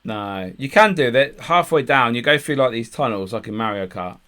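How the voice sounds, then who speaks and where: A man with a middle-pitched voice co-hosting a podcast. He chats casually about a day out and swears freely. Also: animated, normal speed, fairly bright tone. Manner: chatty, recounts a day out with swearing and laughs. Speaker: podcast co-host. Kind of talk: casual chat.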